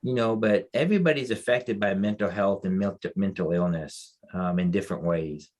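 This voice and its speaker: An American mental health advocate co-hosting a veterans' podcast tells a story in a low, darkish voice at a moderate pace. His manner is casual and rambling, with many restarts and visible emotion.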